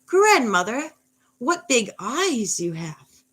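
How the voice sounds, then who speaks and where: A woman voicing a naive, chirpy little girl in a red hood with a put-on Southern accent, high and sing-song, in a bedtime story. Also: sing-song, slow, a bit bright, slightly rough, full character voice.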